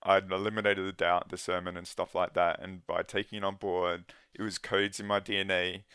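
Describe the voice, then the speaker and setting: A man with a very low, flat voice talks as a guest in a conversation, earnest and halting, often breaking off to start again. His tone is smooth and clear, and the sound is dry and close. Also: no echo. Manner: earnest, halting, with many restarts. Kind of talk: casual conversation.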